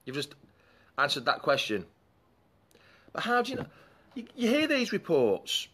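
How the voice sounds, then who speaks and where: Lively man hosting a fan chat. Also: a little high, measured pace, husky. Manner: chatty, rambling, breaks off to greet commenters. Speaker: fan show host. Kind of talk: live fan chat, reading viewer comments.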